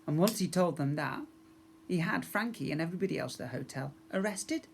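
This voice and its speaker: A man, a school teacher, reading a children's storybook aloud to young pupils in a friendly, expressive way, acting out sound effects. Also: on the high side, brisk, gravelly, slight background noise.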